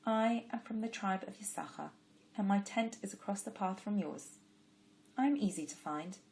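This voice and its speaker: A woman voicing a kind but sharp-tongued young woman who scolds fiercely and keeps herself guarded. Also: mid-range voice, normal speed, voice pushed up, natural voice.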